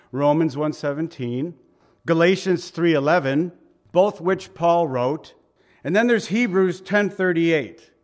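In a slightly high male voice, a pastor delivers a conversational sermon focused on teaching the Bible. After beginning with a prayer, he works through scripture, stressing points and dropping in asides.

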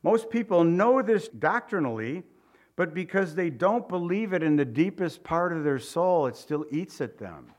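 A man's voice: on the high side, lively intonation, moderate pace, a little mellow. Folksy man preaching an informal sermon. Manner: folksy, conversational, tells anecdotes. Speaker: pastor.

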